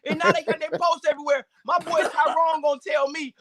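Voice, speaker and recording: A man performing a stand-up comedy set as a guest, with animated, preacher-like call-outs to the audience. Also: extremely high pitch, brisk, few pauses.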